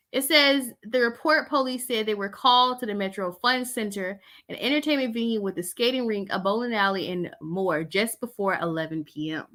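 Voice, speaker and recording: A woman's voice: mid-range voice, sharp tone. A woman in her thirties giving casual commentary on news stories, blunt and emotional, sighing often as she reads. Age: 30s. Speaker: vlogger reading the news.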